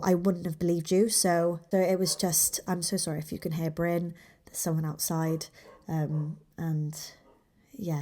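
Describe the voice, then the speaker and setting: A woman in her twenties hosting a solo podcast, talking openly and from the heart, with restarts and soft whispered asides. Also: on the low side. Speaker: podcast host, small business owner. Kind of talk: candid solo podcast talk.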